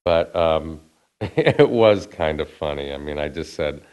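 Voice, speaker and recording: Male actor guest, very low voice, chatty storyteller, laughs easily. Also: lively intonation, a little slow, a little mellow, smooth. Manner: chatty, acts out the voices of people he quotes; laughs often as he talks. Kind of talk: casual anecdotal storytelling.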